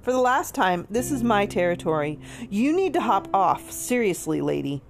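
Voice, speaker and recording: A woman reading aloud, voicing a rude, street-tough male raccoon who talks gruff and demanding. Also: fairly low pitch, animated, normal speed. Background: soft guitar music.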